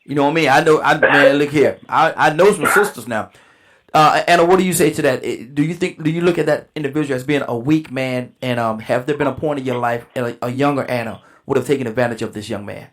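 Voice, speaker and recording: A man's voice: medium pitch, fast talker. A man hosting a casual talk show, asking guests long questions and backing them up with frequent affirmations. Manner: lively, affirms often, asks long questions. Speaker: host. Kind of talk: casual chat.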